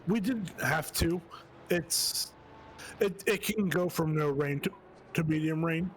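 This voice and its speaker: A man commentates a sim race in a slow, unhurried way, and he has hiccups. His voice sits a little high, and he thinks aloud with easy laughs. Steady noise runs under the feed. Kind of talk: casual sim racing commentary.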